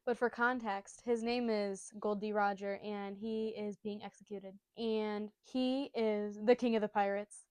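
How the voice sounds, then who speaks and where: A woman's voice: medium pitch, steady tone, unhurried, few pauses, darkish tone, clear, resonant tone, no room sound, studio quality. A woman casually retelling a comic chapter, bubbly and rambling, full of jokey asides. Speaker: storyteller recapping a manga.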